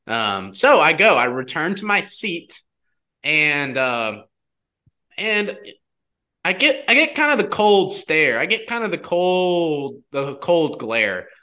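A young man chatting casually as a guest, telling a personal story in an animated way, full of "like" fillers. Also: a little high, normal speed. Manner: animated, heavy use of "like" fillers.

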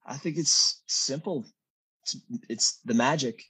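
A man's voice: medium pitch, a little slow, bright, forceful tone, husky. A middle-aged man chatting as a guest in an interview, talking in loose, restarting sentences. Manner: rambling, many restarts. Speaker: guest actor. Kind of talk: casual interview chat.

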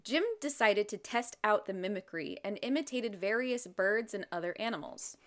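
A woman's voice: mid-range voice, normal speed. A woman co-host telling a spooky story to a friend in a casual chat, often laughing.

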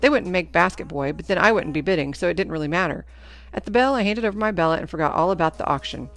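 A woman reading a novel aloud in first-person narration, with an even storytelling delivery. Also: lowish voice, quick pace, faint music behind. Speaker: audiobook narrator.

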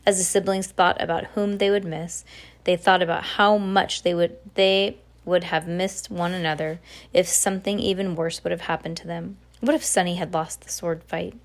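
A woman's voice: on the low side, flat delivery, normal speed. A woman reading a children's novel aloud, unpolished, with frequent slips and restarts. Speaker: audiobook reader. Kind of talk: casual read-aloud of a novel.

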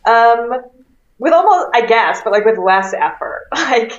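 A woman co-hosting a casual podcast chat, quick and animated and often laughing. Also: fairly high pitch, reverberant, dull audio. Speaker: podcast co-host.

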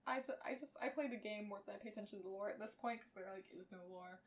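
Young woman, podcast co-host, casual and giggly, mid pitch, distant mic. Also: rapid-fire. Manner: chatty, giggly, full of fillers. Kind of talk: casual chat and reading fan fiction aloud.

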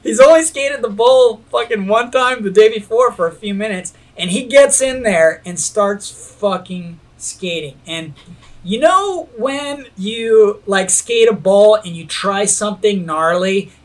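High-voiced man telling a wild story. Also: a little slow. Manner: animated, heavy swearing, laughs while telling. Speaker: skate videographer telling a story. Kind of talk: casual storytelling chat.

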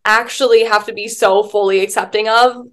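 A woman's voice: medium pitch, steady tone, normal speed, fairly bright tone. A woman guest, a spiritual life coach, chatting casually in an interview, telling stories with lots of filler words and the odd swear.

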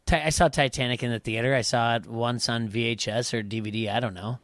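A man's voice: medium pitch, steady tone, fairly quick, fairly bright tone, no echo. A man co-hosting a podcast, chatting casually with wry, joking asides. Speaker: podcast co-host. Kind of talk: casual chat.

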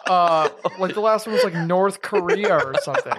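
A man with a fairly high voice talks in a hesitant way on a comedy podcast, leaning on fillers and letting his sentences trail off. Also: moderate pace, a crowd in the background. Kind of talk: casual comedy podcast chat.

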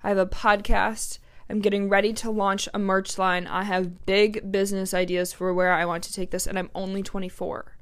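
A woman's voice: medium pitch, little pitch movement, normal speed, few pauses, fairly bright tone, clean tone. A woman in her twenties hosting her own podcast, talking candidly and emotionally with lots of "like" and fillers. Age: 20s. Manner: chatty, emotional, heavy use of "like". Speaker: podcast host. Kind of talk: candid solo podcast monologue.

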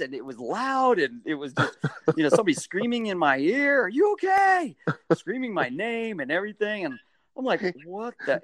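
A middle-aged man telling a story in a casual interview, animated, jumping into high-pitched bursts when he acts out what people said. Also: no room sound, clean studio sound. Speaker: guest, stadium mascot performer.

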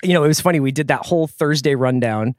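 A man in his forties chats loosely on a podcast, pitched a little high for a man, joking and wandering off on tangents. His voice sits close and dry on the mic, with no room around it. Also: quick pace, clear, resonant tone, dry recording. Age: 40s. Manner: joking, rambling, self-deprecating. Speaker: podcast co-host. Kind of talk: casual chat.

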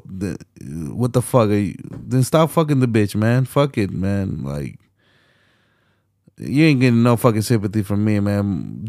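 Young guy ranting on his podcast late at night, cussing a lot, gravelly voice, dry close sound. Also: on the low side, very animated, a little slow, a little mellow, no room sound. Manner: profane, blunt, heated slangy ranting. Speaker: podcast host.

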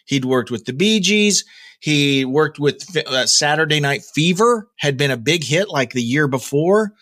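A man's voice: a little high, expressive, measured pace, a bit bright. A man hosting a daily rock news podcast, talking casually with jokey asides and plenty of fillers and restarts. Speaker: podcast host.

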